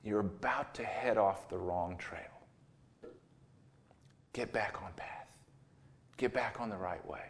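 A man voicing the gentle Holy Spirit. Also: fairly low pitch, slow, pauses often, voice pushed down. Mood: tender. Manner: soft, coaxing, reassuring.

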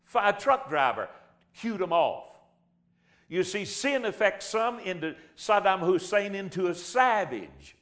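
An older man preaching a sermon in a folksy way, reading scripture and swinging between loud emphasis and hushed asides. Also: sits high, sing-song, a little slow. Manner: folksy, addresses the congregation as a class.

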